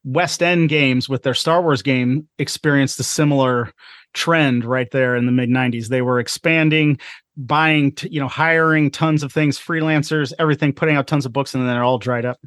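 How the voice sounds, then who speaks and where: A man hosts a podcast conversation in an easy, agreeable way, nodding along with frequent affirmations. His voice sits at a middle pitch and is recorded dry, with no room around it. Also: fairly even intonation, normal speed, a bit bright, clean tone, no room sound. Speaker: podcast host. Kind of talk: casual podcast interview.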